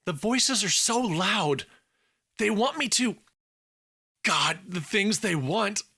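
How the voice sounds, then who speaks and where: A man's voice: sits high, sing-song, slow, bright, forceful tone, slightly rough, voice pushed up, full character voice. A man voicing an anguished young man struggling against an inner rage, speaking in a strained, pleading way. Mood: tormented.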